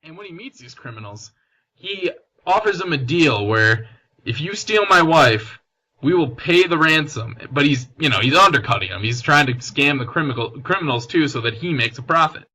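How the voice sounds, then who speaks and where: Bright-voiced young male podcast host. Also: on the high side, expressive, moderate pace, rough recording. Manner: chatty, summarizes plot, frequent restarts. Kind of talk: casual film discussion.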